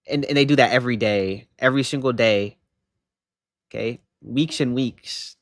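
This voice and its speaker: A young man chatting casually on a livestream, telling a story in an animated way and rising into loud exasperation. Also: mid-range voice, normal speed, no echo, clean studio sound. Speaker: live streamer.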